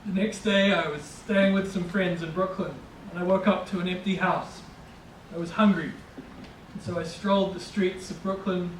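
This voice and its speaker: High-voiced New man telling a story. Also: reverberant, far from the mic, a little hiss or hum, low-quality recording. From New Zealand. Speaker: storyteller and interviewer. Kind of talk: casual anecdote.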